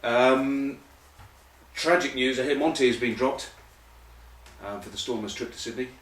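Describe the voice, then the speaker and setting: A man's voice: mid-range voice, moderate pace, fairly bright tone, distant mic, slight background noise. A man hosting a comic rugby news monologue, rambling with jokey asides. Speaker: host. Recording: echoey room, voice off-mic.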